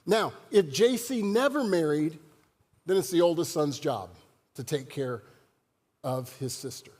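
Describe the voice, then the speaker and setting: A man's voice: a little high, expressive, measured pace, a little mellow. A man preaching a sermon as pastor, in a conversational style and joking with the congregation. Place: church sanctuary. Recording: long church hall reverb.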